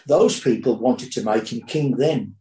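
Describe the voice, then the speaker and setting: A man's voice: mid-range voice, a little slow, dark tone, reverberant, rough recording. A man preaching a sermon, telling the story dramatically with rising and falling intensity.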